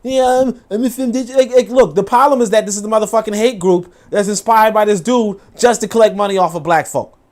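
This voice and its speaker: A man hosting a casual livestream, reacting to a video and chat with profane, animated talk, laughing asides and lots of fillers. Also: sits high, fairly quick, few pauses.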